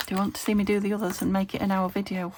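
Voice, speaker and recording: A woman's voice: mid-range voice, flat delivery, very fast, darkish tone, slight background noise. A woman from the UK chatting casually to camera as she makes a craft, meandering and talking to herself as she works. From United Kingdom. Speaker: crafting video host.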